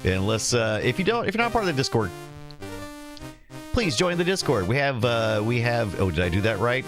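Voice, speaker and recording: A man's voice: medium pitch, big pitch swings, moderate pace, over music. A man hosting a casual retro computer livestream, rambling and correcting himself as he reads the chat. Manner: rambling, self-correcting, reads chat and game text aloud.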